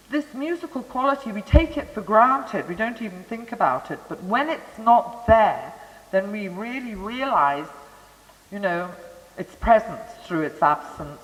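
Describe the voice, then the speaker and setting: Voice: medium pitch, expressive, normal speed, fairly bright tone. A lecturer giving a conversational talk on Montessori education, with thoughtful, chatty asides to the audience through a microphone. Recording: long hall reverb.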